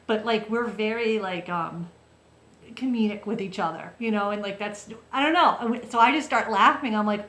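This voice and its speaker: An animated woman vlogger tells a story straight to the camera in a chatty, lively way, often checking in with her viewers. Her voice sits fairly high. The room around her is roomy and echoey. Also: normal speed.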